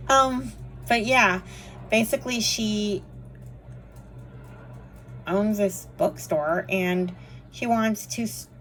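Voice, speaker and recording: A woman's voice: mid-range voice, a bit bright, a little hiss or hum. A woman chatting casually through a monthly reading wrap-up, rambling with lots of fillers. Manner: chatty and rambling, frequent fillers and quick laughs. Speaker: book reviewer.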